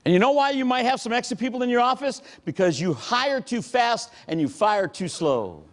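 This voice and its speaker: A man giving a motivational keynote talk, telling stories in a punchy, animated way and breaking into shouts and acted-out quotes. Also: very high-pitched, normal speed. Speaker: keynote speaker. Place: large hall before a live audience.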